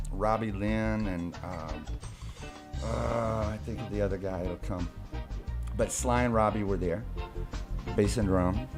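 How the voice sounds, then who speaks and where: A low-voiced man in his fifties, speaking as a radio studio guest. He tells his story in a loose, meandering way, stopping and restarting often. Music plays behind him. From Oklahoma, USA. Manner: rambling, halting, many restarts.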